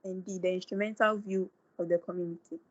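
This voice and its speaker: A woman's voice: mid-range voice, steady tone, quick pace, no echo, highs cut off. A woman student in an online class reading quiz questions aloud, going through the options letter by letter with small hesitations. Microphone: video call.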